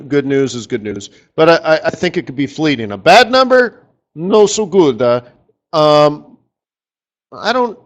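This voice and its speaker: Guy running a trading webinar, kinda high voice, gets all excited n chatty. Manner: excitable, chatty, lively exclamations. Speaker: market strategist host. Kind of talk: live trading webinar commentary.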